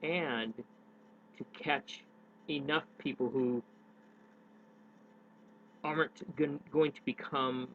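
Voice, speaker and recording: A man's voice: mid-range voice, fairly even intonation, slow pace, pauses often. A man giving unscripted advice on public speaking in a daily vlog, rambling and correcting himself with many hesitations. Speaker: daily vlogger. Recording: tinny phone-like sound with faint noise.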